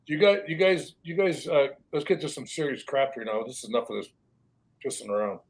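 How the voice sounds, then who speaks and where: A man's voice: medium pitch, brisk. A man in casual podcast chat, blunt and joking, laughing as he retells stories.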